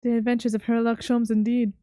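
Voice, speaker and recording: A woman's voice: on the high side, little pitch movement, fast, dark tone. A woman hosting a let's play, giving amused, giggly commentary on a game.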